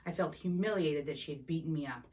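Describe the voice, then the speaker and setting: A woman's voice: sits low, fast, darkish tone. A woman reading a novel chapter aloud in an unpolished way, with small slips and restarts. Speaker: reader. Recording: voice a bit distant from the mic.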